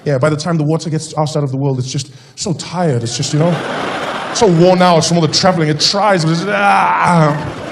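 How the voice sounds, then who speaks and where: Animated South African stand-up comedian. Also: male voice, on the high side, fast talker, background noise. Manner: animated storytelling, voicing people in his anecdotes.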